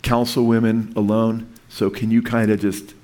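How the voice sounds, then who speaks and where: A man's voice: fairly low pitch, little pitch movement, moderate pace, a little mellow. Earnest rambling male preacher. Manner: earnest, rambling, frequent restarts and asides. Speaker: pastor. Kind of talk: sermon.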